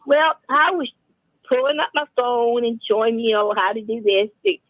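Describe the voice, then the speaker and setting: A woman's voice: fairly high pitch, fairly even intonation, moderate pace, no room sound. An older woman telling rambling personal stories in casual chat, acting out the dialogue as she goes. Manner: chatty, rambling, acts out dialogue. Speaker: open mic storyteller, regular guest. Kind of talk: casual storytelling. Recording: tinny phone line.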